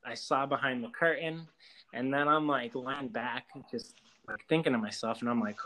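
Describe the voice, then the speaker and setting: A man's voice: medium pitch, normal speed, pushed and bright, poor audio. A man telling a long story in casual chat, rambling, with heavy swearing and many "like" fillers.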